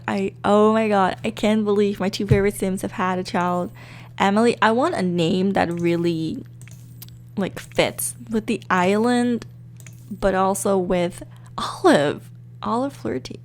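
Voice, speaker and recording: A young woman giving casual, excitable let's-play commentary with lots of fillers, talking into a desk microphone. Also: mid-range voice, a little slow. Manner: chatty, excitable, many fillers. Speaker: gaming YouTuber.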